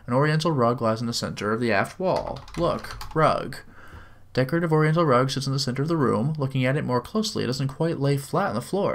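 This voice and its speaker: A man reading out a text adventure game and typing commands, with dry, wry asides and slowly drawled commands. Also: medium pitch, creaky, slight background noise. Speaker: game video host. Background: faint keyboard typing.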